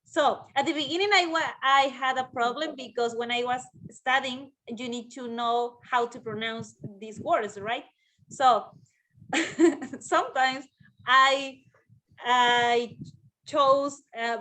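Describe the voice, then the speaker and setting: Mexican woman host, fairly high voice. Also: poor audio. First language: Spanish. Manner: chatty, lively questions, laughs. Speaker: interview host. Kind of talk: casual video-call interview.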